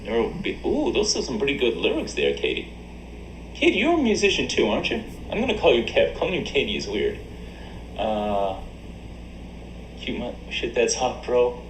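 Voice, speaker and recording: A man's voice: medium pitch, huge pitch swings, normal speed, a little hiss or hum. Crude joking male streamer, roomy echo. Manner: crude, joking, laughs often. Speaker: livestreamer reading chat. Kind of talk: casual stream banter. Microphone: desk USB mic.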